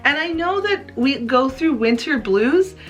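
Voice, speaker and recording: A woman's voice: sits high, lively intonation, a little slow, a bit bright. A woman crafting vlogger talking to her viewers in a heartfelt personal update, earnest and emotional. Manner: earnest, emotional, tearful at times. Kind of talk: heartfelt personal vlog talk.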